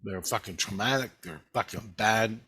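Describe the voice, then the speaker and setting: A man quoting a calm, solemn male divine spirit in his own bright voice, measured and reassuring. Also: lowish voice, breathy edge, no room sound, pitched below the performer's own voice, heavily acted.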